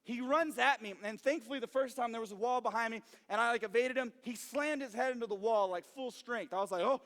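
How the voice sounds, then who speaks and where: A young man preaching a youth sermon, telling stories with acted-out voices and sudden shouts. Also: very high-pitched. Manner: animated, acts out voices, shouts for effect. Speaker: youth pastor. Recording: long hall reverb.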